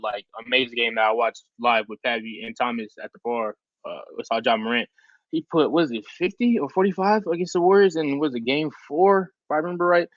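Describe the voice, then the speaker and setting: Male podcast co-host, rapid rambling chatter, muffled lo-fi audio. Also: mid-range voice, no room sound. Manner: excitable, rambling, lots of fillers. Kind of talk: casual basketball talk. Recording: dull lo-fi sound.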